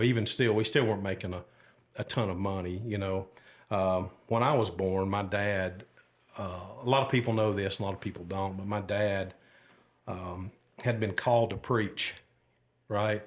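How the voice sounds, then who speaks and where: An older man, a retired deputy telling stories from his life in a casual, folksy, rambling way. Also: deep voice. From Alabama. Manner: folksy, rambling, with many fillers and asides. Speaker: podcast guest, retired sheriff's deputy. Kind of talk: casual storytelling interview.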